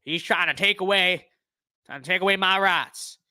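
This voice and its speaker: A man's voice: high-pitched, moderate pace, sharp tone. A man putting on the voice of an indignant old Southern retiree, grumbling in a drawling, exaggerated twang.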